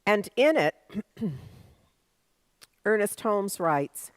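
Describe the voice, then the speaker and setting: A woman's voice: a little high, expressive, slow, fairly bright tone, no room sound. A woman minister giving a sermon, conversational at first and building to emphatic preaching.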